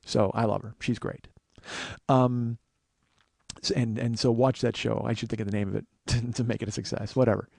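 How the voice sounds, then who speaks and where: A man's voice: medium pitch, level tone, vocal fry, darkish tone, no echo, studio quality. A man in his forties hosting a podcast, telling a long profane story in a monologue. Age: 40s. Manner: profane, fast-building storyteller. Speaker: podcast host.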